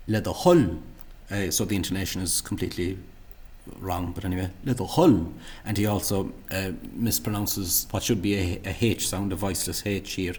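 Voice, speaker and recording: A man's voice: sits low, level tone, a little fast, husky. A man with a Munster Irish accent, teaching pronunciation and carefully repeating words to show their sounds. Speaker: language teacher. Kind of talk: commenting on app recordings.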